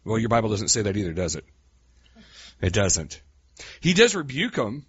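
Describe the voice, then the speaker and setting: A man preaching a sermon in a folksy, animated way, calling his listeners "guys" and swinging from quiet asides to loud cries. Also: on the low side, normal speed, breathy edge, dry recording, dull audio.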